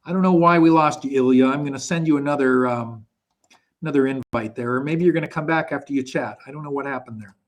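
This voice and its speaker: A man's voice: mid-range voice, quick pace. A man from the United States co-hosting a live online interview show, chatty and prone to self-corrections. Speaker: co-host. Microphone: video call.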